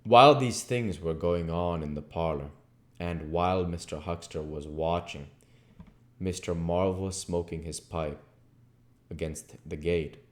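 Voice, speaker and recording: A man reading a classic novel aloud as audiobook narration. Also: low-pitched. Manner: slow, expressive reading. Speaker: audiobook reader.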